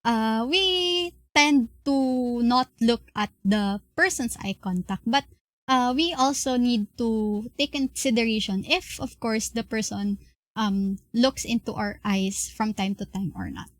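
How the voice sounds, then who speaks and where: Young woman, Filipino accent, class lecture, slow pace, dry sound, frequent um and uh. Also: fairly high pitch, no echo. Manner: slow and explanatory, many fillers and restarts. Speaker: class presenter.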